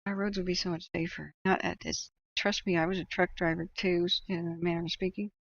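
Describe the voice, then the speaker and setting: A woman's voice: lowish voice, fairly even intonation, a little fast, vocal fry, highs cut off, a little hiss or hum. A woman hosting a livestream and reading out chat, talking in a casual, opinionated way and laughing often.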